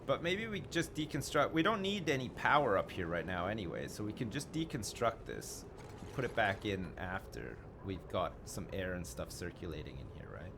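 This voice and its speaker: A man's voice: fairly low pitch, very animated, moderate pace, noisy background. A man streaming a video game, rambling and thinking aloud in casual commentary, swearing now and then.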